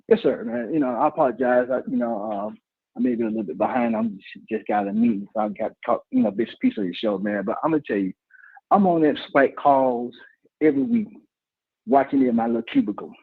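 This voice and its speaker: A man's voice: mid-range voice, sing-song, a little fast, vocal fry, breathy edge. A man calling in to a live show, ranting emotionally and bluntly, swearing and restarting his sentences. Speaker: caller. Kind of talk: heated call-in rant. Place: office cubicle. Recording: tinny phone line.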